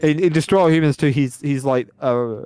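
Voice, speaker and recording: A man's voice: on the high side, fairly quick, mellow, soft background music. A man hosting a let's play, chatting casually about voice actors with lots of restarts and enthusiasm. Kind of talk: casual gameplay commentary.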